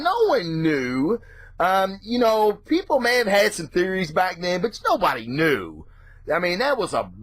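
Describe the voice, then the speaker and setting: A man hosting his own show, ranting casually and excitably with lots of swearing. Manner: profane, excitable, mimics reactions in a high voice. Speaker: podcast host.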